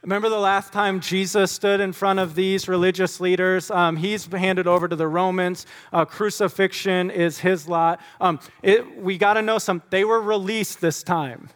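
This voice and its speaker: A man's voice: high-pitched, steady tone, normal speed, hardly any pauses, fairly bright tone. A man preaching in a church, praying earnestly and then teaching in a casual, conversational way with frequent fillers. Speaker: pastor. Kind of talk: sermon. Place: church sanctuary.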